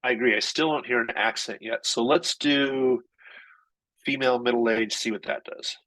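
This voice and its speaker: A man presenting marketing tools in an energetic, chatty live software demo, with quick shifts in pace. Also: mid-range voice, rough recording.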